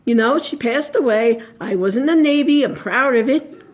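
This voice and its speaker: A woman's voice: a little high, normal speed, natural voice. A woman voicing a friendly, proud elderly male navy veteran, in a folksy, conversational way in a spoken story. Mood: wistful.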